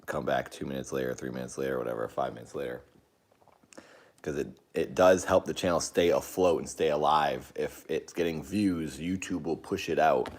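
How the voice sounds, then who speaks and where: A man hosting a casual live stream, rambling to his chat with sudden excited outbursts. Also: rumbling low, moderate pace.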